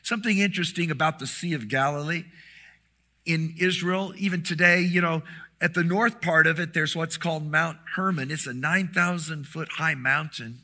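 A middle-aged man preaching a sermon, telling a story with lively animation and acting out the quoted lines. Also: a little high, moderate pace. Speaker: pastor.

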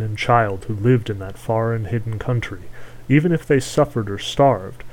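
A man narrating a fairy tale in a steady, measured storytelling manner. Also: lowish voice, rough recording.

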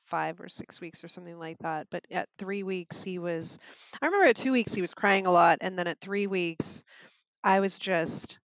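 A woman candidly telling stories about her two young sons in a casual podcast chat, animated and blunt. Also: fairly low pitch, normal speed, no echo. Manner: candid, animated storytelling with swearing. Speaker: podcast guest, mother of two boys.

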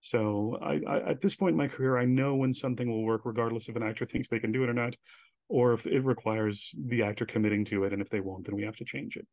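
A man's voice: medium pitch, fairly even intonation, quick pace, darkish tone, no echo. A man, a guest on an interview podcast, telling stories animatedly and acting out the quoted lines. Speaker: guest, director.

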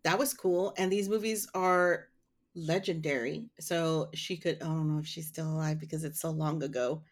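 A woman co-hosting a relaxed podcast conversation. She talks in a chatty, giggly way and wanders through her points with fillers. Nothing formal about her delivery. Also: low-pitched, normal speed. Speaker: podcast co-host. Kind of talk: casual chat.

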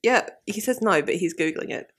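A woman's voice: mid-range voice, animated, brisk, husky. A woman co-hosting a casual chat podcast, playful and teasing, laughing often. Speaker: podcast co-host.

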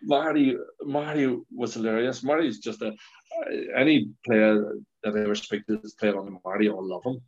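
A man's voice: mid-range voice, normal speed, darkish tone, breathy edge. A middle-aged Northern Irish man, a former footballer, telling rambling stories with frequent laughs and restarts in casual chat. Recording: dull lo-fi sound.

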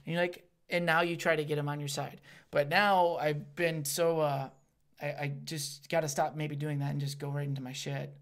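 A man in his thirties, a stand-up comedian chatting casually, who gets loud and excited and swears freely. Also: fairly high pitch, normal speed. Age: 30s. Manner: loud, excitable, swearing, acts out crowd voices. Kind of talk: casual podcast chat.

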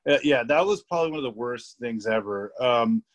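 A man's voice: medium pitch, lively intonation, brisk. Rambling young man telling work stories. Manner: rambling, laughing, heavy filler words and swearing. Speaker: podcast guest. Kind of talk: casual storytelling chat.

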